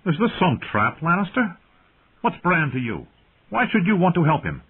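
A man's voice: on the high side, huge pitch swings, normal speed, husky, voice pushed up, exaggerated voice. A man doing a stiff, wary young lord. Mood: suspicious. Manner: stiff, awkward formality. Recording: tinny lo-fi phone-like sound.

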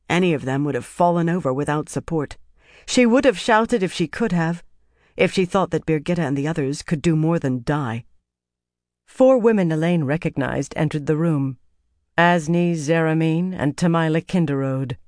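A narrator reading a fantasy novel aloud in measured, even storytelling. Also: mid-range voice, no room sound, studio quality. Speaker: audiobook narrator. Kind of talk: scripted narration.

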